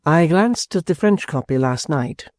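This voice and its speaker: A man voicing an earnest young dramatist who speaks in a measured way. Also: on the high side, lively intonation, darkish tone, no room sound, clean studio sound, voice pushed up.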